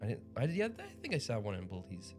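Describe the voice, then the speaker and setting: A man's voice: fairly low pitch, wildly swooping pitch, fast talker, music in the background. A man hosting a livestream in casual chat, rambling and upbeat with frequent chuckles. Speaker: livestream host.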